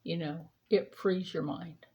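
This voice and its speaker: A woman's voice: lowish voice, steady tone, takes it slowly, darkish tone, muffled recording. A woman vlogger chatting casually during her skincare routine, telling a rambling story with lots of fillers.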